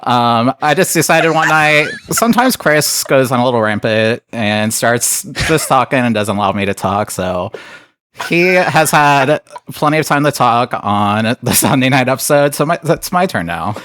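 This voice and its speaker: A man's voice: mid-range voice, animated, moderate pace, a bit bright, no echo, clean studio sound. A man hosting a podcast in playful, teasing casual chat, laughing between lines. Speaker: podcast co-host.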